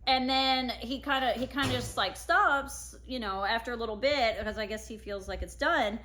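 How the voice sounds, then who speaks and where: A woman's voice: fairly high pitch, moderate pace, bright, forceful tone, slight background noise. A woman in her thirties casually telling a personal family story, acting out her own past words.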